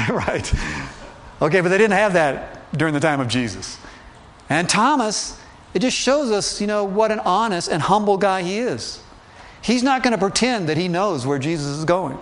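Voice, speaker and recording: A male preacher whose speaking voice sits a little higher than most men's. He talks through the sermon like a chat, with light humor and frequent questions put to his listeners. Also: animated, normal speed, a bit bright. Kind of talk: conversational sermon.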